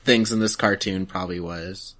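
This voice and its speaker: A man's voice: sits low, steady tone, normal speed, a bit bright. A man co-hosting a podcast in casual chat, chiming in with dry one-liner quips. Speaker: podcast co-host.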